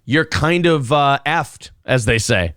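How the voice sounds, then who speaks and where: A man's voice: mid-range voice, animated, slow pace, fairly bright tone, smooth, dry recording, studio quality, soft background music. A man hosting a streamed morning talk show, riffing sarcastically and laughing often.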